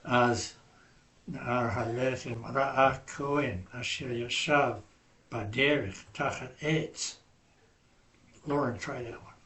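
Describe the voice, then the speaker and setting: Patient, slow-spoken man teaching Hebrew. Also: mid-range voice, a bit bright, reverberant. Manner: patient, corrects and explains grammar step by step. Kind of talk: classroom language lesson.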